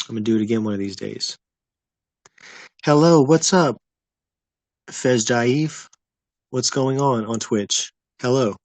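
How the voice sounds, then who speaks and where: A man's voice: medium pitch, no echo. Laid-back man rambling on a livestream. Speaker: livestream host. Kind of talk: casual livestream chat with viewers.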